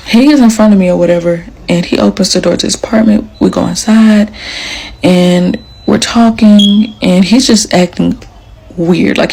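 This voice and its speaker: A woman's voice: medium pitch, gravelly, darkish tone, husky, rough recording. A young adult woman casually telling a personal story, chatty and leaning on "like" as she acts out what people said. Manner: chatty, leans on "like", acts out quotes. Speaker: storyteller sharing a personal account.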